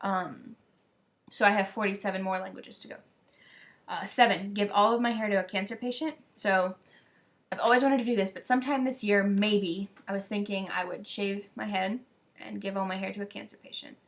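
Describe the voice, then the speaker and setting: A teenage girl from the United States, chatting excitedly to camera in a rambling, scattered way. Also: mid-range voice, moderate pace, vocal fry. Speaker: vlogger. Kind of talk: casual chat to camera.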